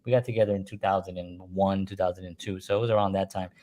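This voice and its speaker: A man's voice: low-pitched, fast talker. A man, casually telling stories and chuckling as he talks. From New York. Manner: animated storyteller, chuckles while talking, puts on voices in quotes. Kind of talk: casual storytelling chat.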